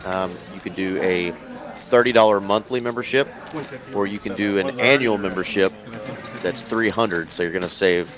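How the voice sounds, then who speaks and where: A man's voice: sits low, moderate pace. A man commentating live poker in an easygoing, informative way. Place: card room broadcast booth. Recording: casino crowd noise behind.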